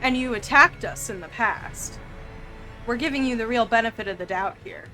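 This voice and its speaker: A woman's voice: a little high, normal speed, bright, forceful tone, faint music behind, poor audio. A woman voicing a suspicious, aggressive female werewolf pack leader in a tabletop game. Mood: accusing. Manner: curt, suspicious.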